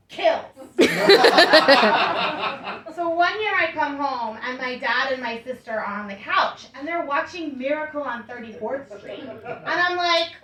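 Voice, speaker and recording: A woman in her thirties performing a stand-up comedy set with wry, self-deprecating storytelling. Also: sits high. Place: comedy club stage before a laughing crowd. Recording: echoey club recording from a distance, crowd laughter.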